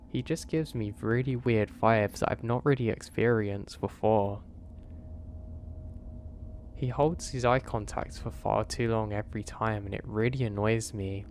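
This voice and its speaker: A man narrating a first-person horror story in a steady storytelling way. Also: on the low side, gravelly, slight background noise.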